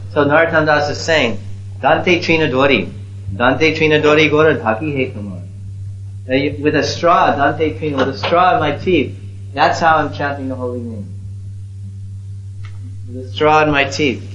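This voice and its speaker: A man teaching a devotional lecture to a small audience, earnest, moving from loud calls to hushed pleading. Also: medium pitch, steady tone, moderate pace. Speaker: spiritual teacher. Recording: roomy, slightly dull recording.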